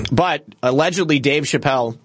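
A man hosts a live stream in a fairly high, slightly bright voice at a moderate pace, with no room sound. He rambles conversationally, chatting casually and reading viewers' comments aloud as he answers them.

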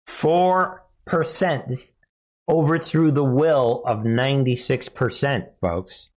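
A man's voice: medium pitch, slow pace. Chuckling man hosting political commentary. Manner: animated, chuckling often, addresses viewers as folks. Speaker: political commentary channel host.

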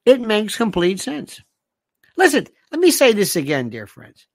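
An older host rambles through listener comments with a lively, swooping delivery that turns sharply indignant. The voice is close to the mic with a dry sound and no room echo. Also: mid-range voice, a little slow. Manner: animated, indignant, rambling, rhetorical questions. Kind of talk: monologue reading listener comments.

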